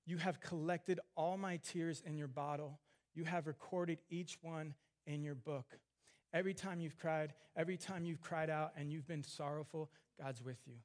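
An earnest man delivers a sermon on scripture, sinking into hushed, tender lines before climbing into emphatic questions. His voice is on the high side, steady in tone, at a normal speed.

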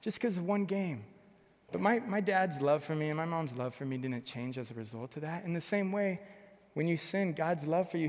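Young male pastor, fairly high voice, passionate, loud peaks and hushed lows, long reverb. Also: moderate pace. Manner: passionate, swings between loud emphatic bursts and soft hushed passages. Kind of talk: sermon.

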